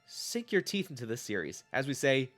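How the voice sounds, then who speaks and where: A man's voice: mid-range voice, sing-song, normal speed, a bit bright, soft background music. A man narrating a scripted retrospective about children's television in a wry, playful way. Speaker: host of a retrospective show.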